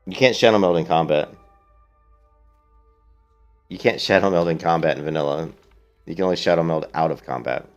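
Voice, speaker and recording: A man with a very low voice chats through a let's-play stream, answering viewers in a blunt, opinionated way. Faint game music runs underneath his talk. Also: fairly quick, pauses often, highs cut off. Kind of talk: casual let's-play commentary.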